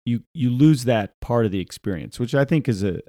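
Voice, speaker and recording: Laughing, animated podcast co-host man. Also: medium pitch, fairly quick, no echo, clean studio sound. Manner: animated, laughs often, imitates voices mid-story. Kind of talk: casual chat.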